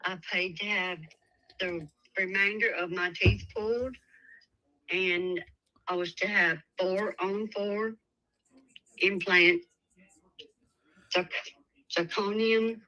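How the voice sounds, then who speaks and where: A woman from Tennessee with a Tennessee accent, calling in to a show and speaking softly and hesitantly. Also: mid-range voice, fairly even intonation, slow pace, long pauses, lo-fi sound. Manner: soft-spoken, hesitant. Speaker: caller. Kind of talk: phone call to a show.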